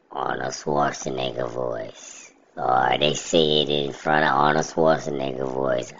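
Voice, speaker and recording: A man's voice: a bass voice, takes it slowly, creaky, lo-fi sound. A man in casual chat, ranting bluntly about things that annoy him.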